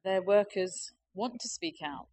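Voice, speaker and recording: A woman's voice: mid-range voice, a little slow, a little mellow, low-quality recording. A woman giving a persuasive conference presentation, explaining a campaign with figures. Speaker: conference speaker.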